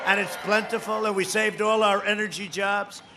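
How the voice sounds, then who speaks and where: A man speaking at a campaign rally into a podium microphone, rambling, boastful and often shouting. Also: sits high, level tone, moderate pace, a crowd in the background, noisy background. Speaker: politician addressing a rally. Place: large rally venue.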